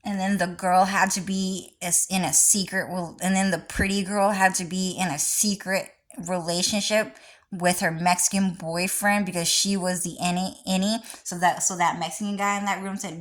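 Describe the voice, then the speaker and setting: A woman vlogging in a rambling, profane monologue, repeating herself and swinging between low mutters and shrill high outbursts. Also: level tone, normal speed.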